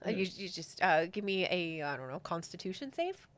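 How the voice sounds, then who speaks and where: A woman's voice: on the low side, big pitch swings, fairly quick, a bit bright. A woman narrating as game master in a casual, chatty way, with lots of fillers, on a close mic.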